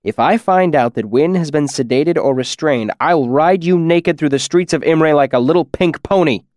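A man's voice: on the high side, normal speed, a little mellow, no room sound, studio quality, pitched above the performer's own voice, close to an everyday voice. A man voicing a stern, eccentric university master who gives clipped orders, read as an audiobook character.

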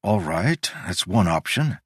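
Brief: narrator doing a quiet doubtful young man, low voice, dry close sound. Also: very animated, measured pace, husky, dry recording, full character voice. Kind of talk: audiobook character reading.

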